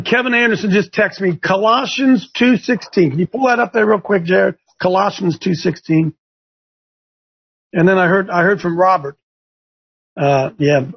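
A man hosting a Christian talk show, preaching with passion that rises to near shouts. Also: high voice, normal speed, gravelly, breathy edge. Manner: impassioned, rising to near shouts. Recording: dull lo-fi broadcast audio.

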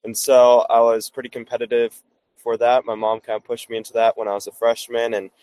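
Young male guest, flat low voice, halting answers, dry sound. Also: clear, resonant tone, no room sound, rough recording. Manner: hesitant, filler-heavy, modest.

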